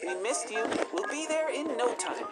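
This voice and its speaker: The narrator voicing a greedy mother who speaks in a falsely sugary, high tone. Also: animated, normal speed, lightly acted. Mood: fake-sweet. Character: fake-sweet, greedy mother. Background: loud music.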